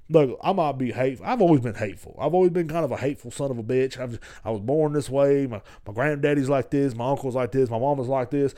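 A man's voice: medium pitch, dark tone. A man hosting a podcast, talking in a rambling, blunt and heavily profane way. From Texas. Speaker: podcast host. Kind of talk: casual solo podcast rant.

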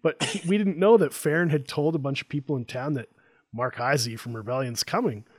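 A man's voice: mid-range voice, brisk, darkish tone, slightly rough. A man hosting a casual interview over a video call, telling stories and mimicking people. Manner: chatty storyteller, does voices of people. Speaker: podcast host.

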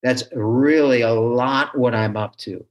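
A man who teaches, talking as a guest in an interview in a halting, animated way with frequent restarts. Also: mid-range voice. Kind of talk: conversational interview.

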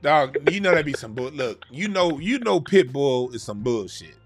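A man in a casual, heated chat, talking in a profane, animated way. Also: medium pitch, normal speed. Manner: animated, profane, mocks other music with sung sounds.

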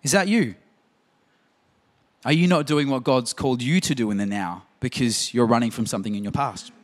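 A man's voice: medium pitch, normal speed. A man preaching a sermon in a conversational, emphatic way, full of rhetorical questions. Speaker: pastor.

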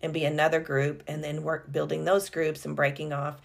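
Woman co-host, low voice, chatty, lots of ums and restarts. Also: little pitch movement, fairly quick, vocal fry, breathy edge. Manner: conversational, with fillers and self-corrections. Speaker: podcast co-host. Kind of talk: casual business chat.

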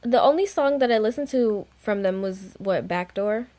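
A woman chatting casually as a podcast co-host, teasing and quick to exclaim. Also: medium pitch, lively intonation, dark tone. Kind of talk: casual chat.

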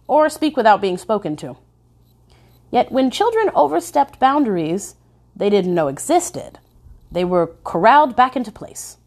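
A woman reading her memoir aloud with expressive storytelling, stressing key words. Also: mid-range voice. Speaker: narrator. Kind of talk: memoir narration.

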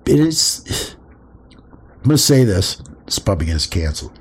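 Animated, husky-voiced man talking spirituality. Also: sits low, brisk. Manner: animated, acts out quoted voices, swears freely. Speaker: podcast host. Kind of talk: casual spiritual discussion.

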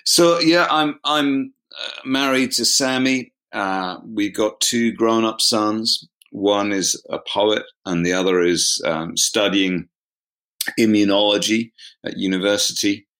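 A middle-aged pastor from southeast England, with a southern English accent, chats as a guest in a casual interview over a remote call. His voice is on the low side, slow, and fairly bright, and he's self-deprecating and quick to laugh.

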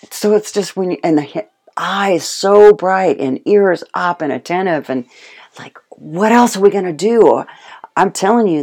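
Guest speaker: animated casual storyteller, mid-range pitch, frequent laughs. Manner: animated storytelling, acts out quotes; laughs often. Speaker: guest speaking on homemade dog food. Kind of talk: casual chat.

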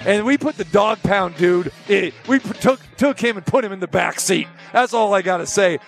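A middle-aged man hosting a sports talk show, telling a rambling, animated story in casual chat. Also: sits high, moderate pace, vocal fry, soft background music. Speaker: host.

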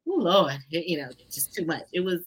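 A woman guest on a talk show, telling stories in an expressive, folksy way and often addressing listeners directly. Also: lowish voice, brisk, breathy edge. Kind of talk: conversational storytelling.

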